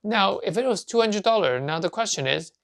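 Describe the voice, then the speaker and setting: Chatty video host with a gravelly voice. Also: medium pitch, expressive, a little fast. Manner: chatty, asks and answers own questions. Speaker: collecting channel host. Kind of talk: casual talk to camera.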